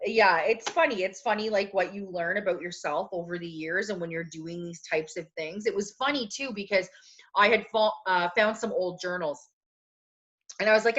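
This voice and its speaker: A woman co-hosting a podcast, chatting casually and telling animated stories about her life. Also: medium pitch, moderate pace, muffled recording. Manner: chatty, animated storytelling with acted quotes. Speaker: podcast co-host. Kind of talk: casual chat.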